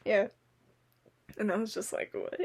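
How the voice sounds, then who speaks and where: A young woman co-hosting a podcast rambles through stories in casual chat, sprinkling in plenty of "like" and "um" and acting out quotes. Her medium-pitched voice is fairly even in intonation, unhurried, a little mellow, with vocal fry and a breathy edge.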